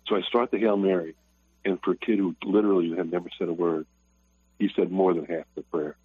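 An older man calling into a radio show, sharing a personal testimony in an earnest, halting way with many restarts. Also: low voice, fairly even intonation, husky, no room sound. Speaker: caller. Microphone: telephone. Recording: tinny phone line.

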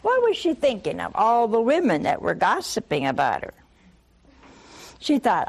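An older woman preaching a sermon, telling a Bible story with lively rhetorical questions and acted-out dialogue. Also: on the high side, normal speed, gravelly, long pauses.

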